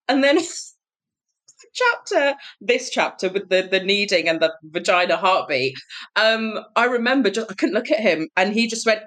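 A woman's voice: medium pitch, moderate pace. A woman, a guest author, telling stories in casual chat and acting out quotes with laughs. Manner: animated storytelling, laughs, acts out quotes.

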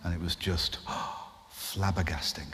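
A man, a guest impressionist, telling an animated anecdote on a festival stage in front of an audience. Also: sits low, a little slow. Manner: animated storyteller, restarts. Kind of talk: live podcast anecdote. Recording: live hall reverb with faint noise.

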